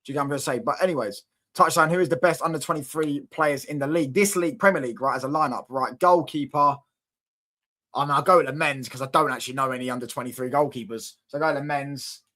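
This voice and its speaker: Young guy on a football stream, chatty and jokey, keeps going "you get what i'm saying", pretty bright tone. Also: medium pitch, quick pace. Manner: banter-filled, repetitive, keeps asking if you get what he's saying. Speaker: football watchalong host. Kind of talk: casual live-stream chat, reading and answering viewer comments.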